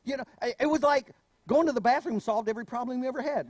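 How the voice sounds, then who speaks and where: High-voiced man preaching a sermon. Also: fast talker, no room sound. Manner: storytelling, animated asides. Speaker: pastor.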